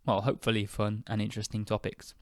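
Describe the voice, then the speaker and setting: A young British man hosting an English-learning podcast, speaking slowly and clearly in a chatty, relaxed way with fillers. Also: fairly low pitch, no room sound, studio quality. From United Kingdom. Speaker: podcast host and English teacher. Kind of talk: casual spoken lesson.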